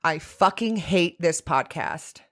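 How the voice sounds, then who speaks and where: A woman's voice: fairly low pitch, slow. Profane young woman telling a story. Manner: candid, profane, animated storytelling. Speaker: podcast co-host. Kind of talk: casual chat, storytelling.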